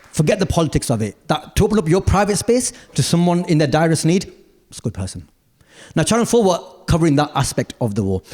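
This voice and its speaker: A male stand-up comedian telling stories on a large theatre stage, punchy asides building to shouted rants. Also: fairly high pitch.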